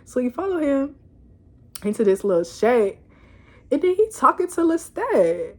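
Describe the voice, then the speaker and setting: A young woman giving a casual, animated recap of a TV episode, laughing and cursing as she tells it. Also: high voice, a little slow. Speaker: show reviewer. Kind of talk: casual chat video review.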